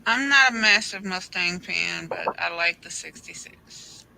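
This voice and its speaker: A man chatting casually on a group call, chiming in with quick comments. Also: high-pitched, vocal fry, a crowd in the background, poor audio. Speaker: livestream participant.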